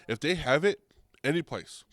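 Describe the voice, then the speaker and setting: A young man hosting a podcast, ranting comedically with lots of swearing and restarts, getting louder and higher when worked up. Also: animated, moderate pace, dry recording. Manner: rambling, profane, restarts, goes loud and high when riled. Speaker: podcast host. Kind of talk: comedic rant.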